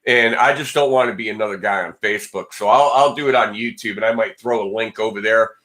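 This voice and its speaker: A man hosts a casual livestream and rambles from one story to the next. His voice sits low but has a bright, forceful edge. He answers viewer comments with blunt jokes. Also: quick pace. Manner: rambling, chatty, talks back to viewer comments; joking and blunt. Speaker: guitar channel host.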